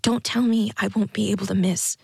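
A woman reading the part of a loyal, tender young woman, speaking softly and earnestly. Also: medium pitch, fairly even intonation, brisk, vocal fry, husky, dry recording, clean studio sound, voice pushed up, heavily acted.

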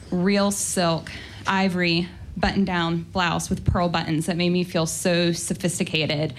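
A woman's voice: on the low side, a little hiss or hum. A young adult woman telling a first-person story in a candid, wry way, with frequent ums and likes.

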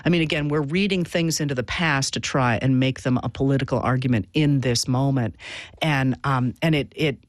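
A male professor explains history in an earnest, halting way, often stopping and restarting his sentences. His voice sits in a middle register. The recording is close and dry on a studio mic. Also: medium pitch, fairly even intonation, no echo. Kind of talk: explanatory interview answers.

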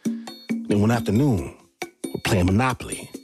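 A man hosting a storytelling show, telling a personal story in an animated way with shouted sound effects. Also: lowish voice, a little slow. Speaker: host and storyteller. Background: music.

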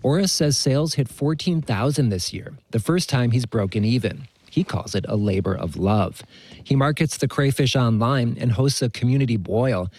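A man filing a scripted radio news report with a measured, even delivery. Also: medium pitch, breathy edge, no room sound.

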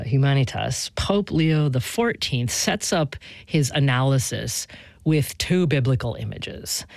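A woman hosting a radio interview show, asking questions in a lively, conversational way with fillers. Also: a bass voice, dry recording.

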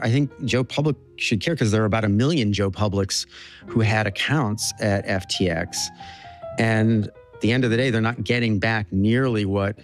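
A male law professor speaks plainly and directly in an interview. His voice sits on the low side. A faint music bed plays underneath. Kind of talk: interview answer.

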